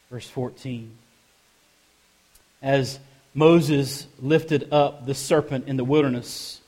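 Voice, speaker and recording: A man preaching a sermon in a church service and reading scripture, swinging from soft, low asides to loud, emphatic passages, with repeated phrases for emphasis. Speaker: pastor.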